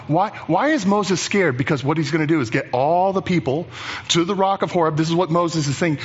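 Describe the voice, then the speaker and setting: A man preaching a sermon as pastor, animated and chatty, acting out the voices of Bible figures. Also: a little high, a little fast, breathy edge, highs cut off.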